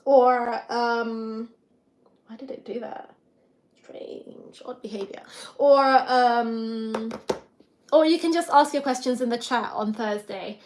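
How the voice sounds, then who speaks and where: Woman vlogger, higher voice, rambling casual chat, laughs a lot; echoey kitchen with audible noise behind. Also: slow pace, darkish tone. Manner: rambling, chatty, laughs often, talks to herself while doing chores. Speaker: vlogger hosting a live stream. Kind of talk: casual live-stream chat. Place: home kitchen. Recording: echoey room with background noise.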